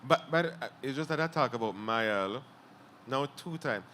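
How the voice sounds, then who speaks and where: A man's voice: mid-range voice, lively intonation, normal speed, bright, forceful tone, a little hiss or hum. A man with a Jamaican accent interviewing a writer, thoughtful, laughing easily and framing long questions. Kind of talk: conversational interview at a literary event.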